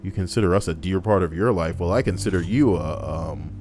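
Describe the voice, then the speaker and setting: A man's voice: sits low, a little fast, darkish tone, slight background noise. A young man live streaming, chatting casually and reading viewer messages aloud in a rambling, crude, joking way.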